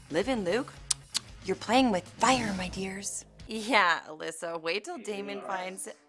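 A woman's voice: medium pitch, a little slow, fairly bright tone, soft background music. A young adult woman hosting a recap show in a bubbly, playful way, reading out fan tweets. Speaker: host.

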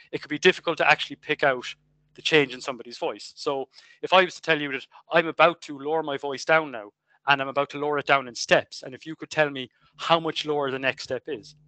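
A man's voice: medium pitch, pushed and bright, no echo. A man with an Irish accent giving a recorded engineering lecture over a webcam, chatty and full of fillers and self-corrections. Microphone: webcam mic.

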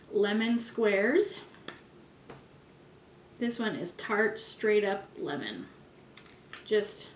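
A chatty woman rambles through a casual product review, breaking off now and then for giggly asides. Her voice sits at an ordinary middle pitch. The sound is dull and roomy, like a camera's built-in mic picking her up at home. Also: slight background noise. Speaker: vlogger reviewing wax melts. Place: room at home.

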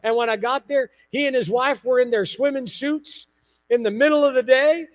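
A man, a pastor, preaching a sermon in a church, telling stories with lively emphasis and repeated phrases. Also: very high-pitched, moderate pace. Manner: animated storytelling with emphatic repetition.

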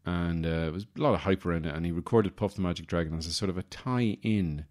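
A comedy podcast host with a very low, deep voice talks fast with a slightly mellow quality. He rambles from aside to aside, wry and self-deprecating, often catching and correcting himself.

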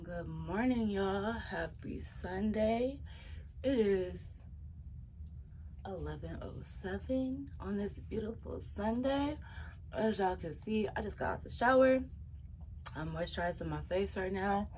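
A woman's voice: mid-range voice, a little slow, a little hiss or hum. A young woman, chatting casually to her phone camera in a slang-filled vlog. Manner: relaxed, chatty, laughs often, lots of slang. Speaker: vlogger.

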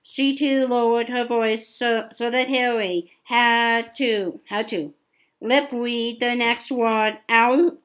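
Woman reading a novel out loud, slow, higher voice, keeps repeating words. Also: steady tone, low-quality recording. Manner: stumbling, often repeats words. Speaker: reader.

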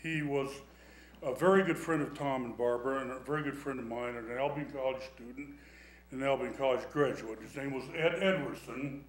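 A man's voice: medium pitch, a little fast. A man giving folksy, joking remarks at a city council meeting. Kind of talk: public remarks with humor. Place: council chamber. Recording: echoey chamber.

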